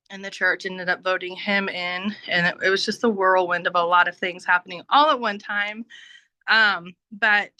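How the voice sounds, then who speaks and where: A woman's voice: medium pitch, sharp tone, no room sound, rough recording. A woman giving a heartfelt personal testimony over a video call, talking casually with frequent laughs and filler words. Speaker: business team member giving a testimony.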